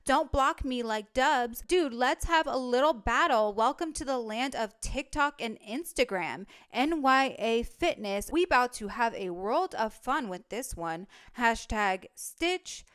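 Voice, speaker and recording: A woman's voice: fairly high pitch, animated, measured pace, hardly any pauses, a bit bright, clean tone. A young woman giving blunt, sarcastic, profane commentary while reading out comments to her followers. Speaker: commentary creator.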